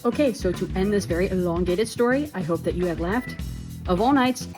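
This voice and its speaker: A woman's voice: mid-range voice, fairly quick. Laughing woman telling a story, roomy echo. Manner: laughing through her words, animated, swearing. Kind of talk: casual comic storytelling. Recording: roomy echo with faint music.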